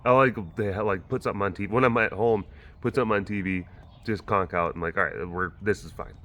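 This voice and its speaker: A man's voice: on the low side, quick pace, fairly bright tone. A man hosting his own vlog from an animal facility, telling stories in a rambling, chatty way full of fillers. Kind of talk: casual chat.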